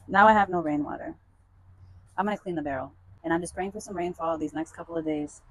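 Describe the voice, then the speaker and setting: A woman's voice: fairly low pitch, fast talker, a little hiss or hum, low-quality recording. A young woman vlogging outdoors by a rain barrel, talking dramatically and exasperatedly to herself and the camera. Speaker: plant vlogger. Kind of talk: casual vlog talk to camera.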